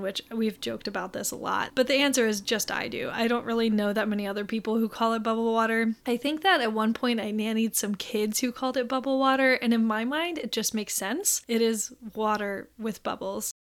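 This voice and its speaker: Brief: young woman, higher voice, chatty self-deprecating travel storyteller, frequent laughs. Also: steady tone, a little fast, few pauses. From United States.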